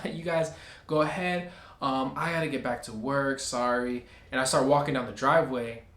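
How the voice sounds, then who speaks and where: Man, mid pitch, lively storyteller, casual vlog delivery, roomy echo. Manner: animated, acts out other people's lines. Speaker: vlogger telling a story.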